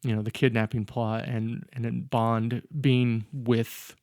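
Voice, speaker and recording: A man's voice: mid-range voice, flat delivery, slow pace, a little mellow, no room sound, clean studio sound. A man co-hosting a casual podcast about films, rambling and correcting himself as he jokes through the plot. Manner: rambling, self-correcting, joking. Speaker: podcast co-host. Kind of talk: casual film discussion.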